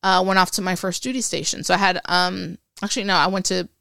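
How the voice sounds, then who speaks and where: Woman in her forties, lively storyteller, creaky voice, dry close sound. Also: fairly low pitch, fast talker, dry recording. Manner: animated storyteller who acts out remembered dialogue. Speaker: interview guest, Air Force veteran. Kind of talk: casual storytelling interview.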